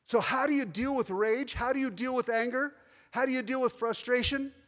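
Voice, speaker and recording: Male pastor, higher voice, confessional storytelling sermon, long church reverb. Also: steady tone, normal speed, fairly bright tone. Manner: personal, confessional storytelling with asides to listeners. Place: church sanctuary.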